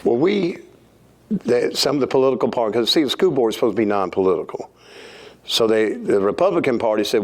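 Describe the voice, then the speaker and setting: A man's voice: mid-range voice, lively intonation, a little fast, a little mellow. A man with a Southern US accent, a pastor, telling stories in a plainspoken, earnest way during a Bible study. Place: church hall.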